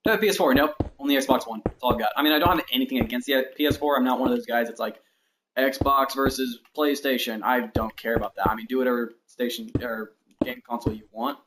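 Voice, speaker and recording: Streaming a building game, a young man in his twenties chats at a quick pace in an expressive, mid-range voice. He rambles and reasons aloud between tasks, counting blocks under his breath, over audible clicks and background noise.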